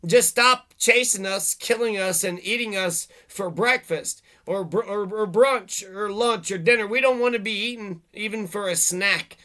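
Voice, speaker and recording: A man puts on a band of furious warriors shouting a warning, high-pitched and sharp-edged. The threats come loud and laced with curses. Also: a little slow, hardly any pauses. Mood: angry warning. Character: angry Native warriors warning cannibal foes.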